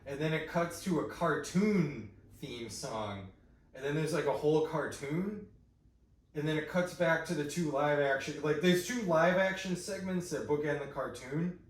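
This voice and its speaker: A young man, a comedian and podcast co-host, chatting casually in a rambling way with many halting restarts. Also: fairly high pitch. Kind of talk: casual chat. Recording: roomy, distant mic, faint noise.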